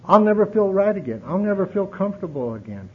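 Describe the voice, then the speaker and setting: A man's voice: big pitch swings, fast talker, slightly rough. A man telling his recovery story at a meeting, rambling and wry, with lots of repeats. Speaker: speaker sharing at a recovery meeting. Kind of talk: personal recovery testimony. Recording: dull, lo-fi recording with faint rumble.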